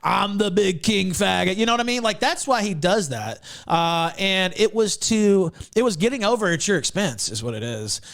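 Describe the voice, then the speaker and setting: A man hosting a casual chat, explaining in an emphatic, drawn-out way. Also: high voice, big pitch swings, fairly bright tone. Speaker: host.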